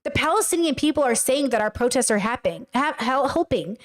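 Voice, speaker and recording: A woman's voice: sits high, animated, fairly quick, few pauses. A woman livestreaming, reading a text aloud and reacting with emotional, exclaiming commentary. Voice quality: tearful at times. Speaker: streamer reacting to a video.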